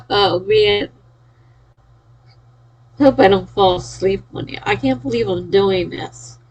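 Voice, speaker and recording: Sleepy husky-voiced woman streaming. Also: medium pitch, takes it slowly, pauses often, low-quality recording. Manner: reads and cheers chat messages. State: sleepy, yawning. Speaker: livestreamer. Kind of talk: casual live-stream chat.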